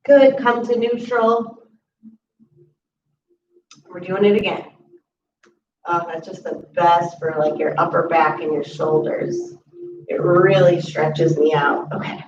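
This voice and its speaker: A woman teaching a chair yoga class, calmly cueing each breath and movement. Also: fairly low pitch, slow pace, long pauses. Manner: calm instructive cueing of breaths and moves. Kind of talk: guided exercise class. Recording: roomy, distant, muffled audio with faint hiss.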